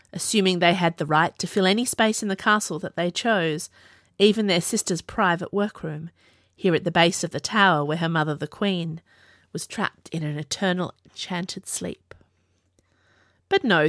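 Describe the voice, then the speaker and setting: Expressive woman narrating a story. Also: fairly low pitch, no room sound, clean studio sound. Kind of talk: audiobook narration.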